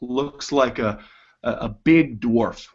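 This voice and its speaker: A man running a tabletop game, narrating slowly and carefully with fillers. His voice is mid-pitched, and the recording sounds dull and lo-fi. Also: slightly rough. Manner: unhurried, hesitant with fillers. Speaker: game master.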